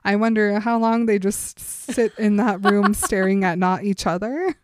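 A playful, giggly woman co-hosts a casual podcast and retells a book chapter to her friend. Her voice sits at a middle pitch, and the sound is dry and close. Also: unhurried, no room sound. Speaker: podcast co-host.

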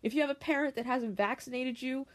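This podcast host is a woman with a high-sitting voice who talks at a quick pace. Alone on her show, she reads an article aloud and comments on it, ranting heatedly with plenty of profanity and hammering her points by repeating them.

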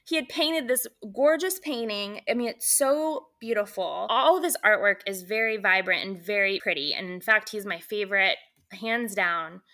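Bright, gushing woman telling a story. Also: mid-range voice, moderate pace. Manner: enthusiastic, gushing, lots of "like" and "oh my gosh". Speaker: guest. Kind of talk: casual storytelling.

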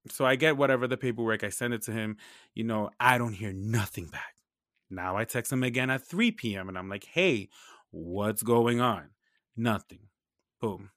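A man's voice: medium pitch, lively intonation, moderate pace, fairly bright tone, no room sound, studio quality. A young man telling a story in a casual, slangy, profane way, acting out the back-and-forth dialogue.

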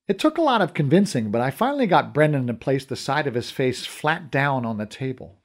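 Expressive male narrator. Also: medium pitch, brisk, hardly any pauses. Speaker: audiobook narrator. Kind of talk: scripted first-person narration.

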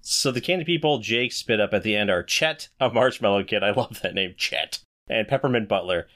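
A man's voice: fairly low pitch, brisk, a bit bright. A man co-hosting a podcast in casual, playful chat with frequent restarts. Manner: chatty, playful, with self-correcting restarts. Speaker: podcast co-host.

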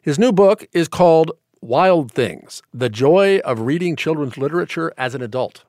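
A man's voice: on the high side, expressive, moderate pace, darkish tone, no room sound. Radio host, man, polished delivery, dry close mic. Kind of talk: scripted radio hosting.

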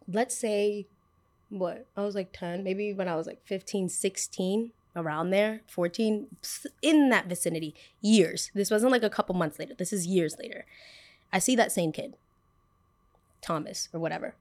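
A woman in her twenties hosting a podcast, telling a story in casual chat with an animated, sassy delivery, acting out her own past lines. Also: on the low side. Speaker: podcast host.

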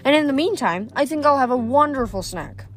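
A woman's voice: sits high, lively intonation, a little fast, soft background music. A woman reading aloud, voicing a cruel, mocking female demon in a storybook.

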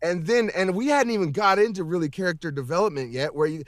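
A man's voice: sits high, fast talker, few pauses, no echo. Voice actor guy ranting over a video call, cussing, restarts a lot, dry sound. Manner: emphatic, profane, rambling with restarts. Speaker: voice actor guest. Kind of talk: casual interview chat.

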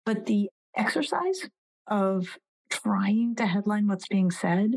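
A breathy, slightly husky woman in her forties speaks as an interview guest. She tells animated stories and slips into the voices of the people she quotes. Her pitch sits in the middle. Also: slow, low-quality recording. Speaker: psychologist and author, guest. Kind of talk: conversational podcast interview.

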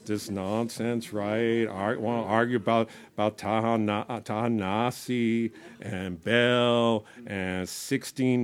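A man's voice: mid-range voice, smooth. Rambling man from Boston talking to a crowd. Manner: rambling, halting, full of fillers and restarts. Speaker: storyteller, performer. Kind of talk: casual stage talk to a live audience.

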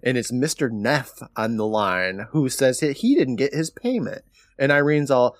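A man's voice: medium pitch, no echo. A male podcast co-host walks through an episode scene by scene in an easy, casual tone. His voice swings up and down with animation. The sound is close and dry. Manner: animated retelling, quick laughs.

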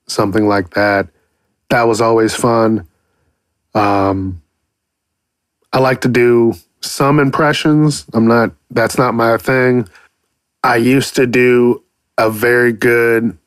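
Musing about voice acting on his podcast, a man rambles casually in a solo monologue, swearing freely and slipping into playful silly voices. He speaks slowly in a mid-range voice, recorded at studio quality with no echo.

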